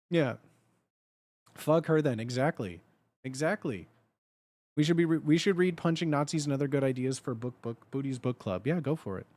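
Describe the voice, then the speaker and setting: A man's voice: mid-range voice, a little mellow, no echo. Blunt, profane man streaming. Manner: profane, blunt, laughs often. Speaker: livestreamer. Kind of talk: casual livestream chat.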